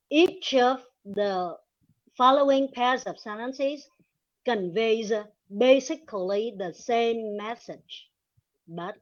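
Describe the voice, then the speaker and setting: A woman whose first language is Vietnamese, presenting a linguistics webinar in slow, deliberate reading with pauses. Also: mid-range voice. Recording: dull lo-fi recording.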